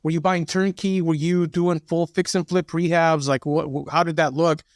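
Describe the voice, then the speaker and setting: A man's voice: on the high side, little pitch movement, normal speed, dry recording, clean studio sound. A man hosting a podcast, asking eager questions that he stacks one after another. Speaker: podcast host. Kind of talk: casual podcast interview.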